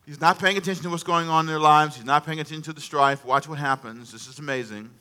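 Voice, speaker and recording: A male preacher giving a lively sermon, calling out questions to the congregation and acting out dialogue with sudden drops and rises in volume. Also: a little high, fast, smooth. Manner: animated, call-and-response with congregation; acts out dialogue with varied volume.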